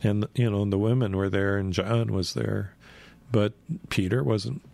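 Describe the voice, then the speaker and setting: A man with a gravelly voice casually retelling a Bible story, rambling and chuckling as he goes. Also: on the low side, steady tone, a little slow, a little mellow, no room sound.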